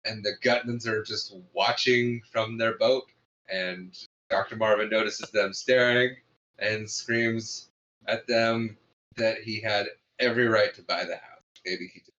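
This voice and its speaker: A man's voice: lowish voice, steady tone, unhurried, fairly bright tone, highs cut off. A man co-hosting a podcast, casually recapping a comedy film's plot and chuckling often. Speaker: podcast co-host. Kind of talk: casual movie review chat.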